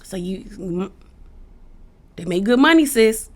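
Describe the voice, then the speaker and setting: A woman giving casual, animated commentary on a reality show, chatty and slangy, laughing often. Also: mid-range voice, slow pace. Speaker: reality TV recap vlogger.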